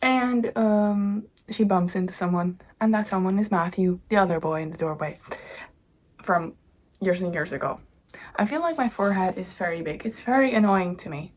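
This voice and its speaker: A young woman talks into her camera at home, rambling cheerfully and drifting off topic. Her voice sits at an ordinary middle pitch, easy and conversational. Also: moderate pace. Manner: chatty, easily sidetracked, bubbly. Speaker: author and vlogger. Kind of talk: casual rambling chat. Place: home indoors.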